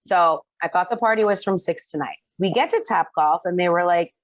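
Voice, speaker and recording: A woman's voice: on the low side, animated, a little fast, few pauses, dry recording. A middle-aged woman casually telling a personal story, rambling with fillers and restarts. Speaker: guest telling her story. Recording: dull lo-fi dry sound.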